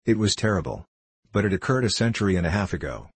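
A man's voice: on the low side, expressive, fast, slightly rough, dry recording. A man voicing an earnest, distressed elderly bishop who pleads and speaks naively.

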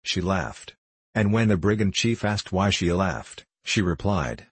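A man narrating a story for an audiobook in a steady, even way. His voice is low and husky, and the recording is dry and close with no room sound. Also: measured pace, no echo, rough recording. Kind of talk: scripted narration.

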